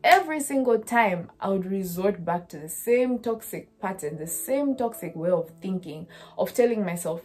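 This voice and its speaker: A woman's voice: mid-range voice, lively intonation, moderate pace, husky. A woman in her twenties telling a personal story in a vlog, earnest and often checking in with the listener. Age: 20s. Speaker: student vlogger.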